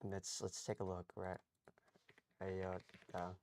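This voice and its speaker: A man's voice: medium pitch, unhurried, fairly bright tone, a little hiss or hum. A young man from the United States chatting casually on a live stream from his garage, rambling with frequent restarts and tag questions. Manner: rambling, repeats "okay?" and restarts often. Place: home garage.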